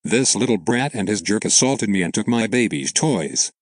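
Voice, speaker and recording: A man's voice: on the low side, animated, normal speed, no room sound. A man reading a story aloud and voicing a furious, insulting entitled mother. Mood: angry. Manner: screaming insults. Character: shrill entitled mother, middle-aged, furious.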